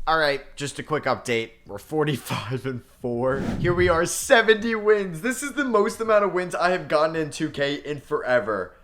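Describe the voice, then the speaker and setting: A young man casually commenting on his basketball video game season, swinging between nervous groans and excited cheers. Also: medium pitch. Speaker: gaming channel host.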